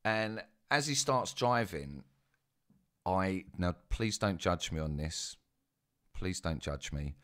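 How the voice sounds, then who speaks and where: Young man, very deep voice, chatty anecdote, self-mocking asides. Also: animated, takes it slowly, a bit bright. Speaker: storyteller. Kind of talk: casual spoken anecdote.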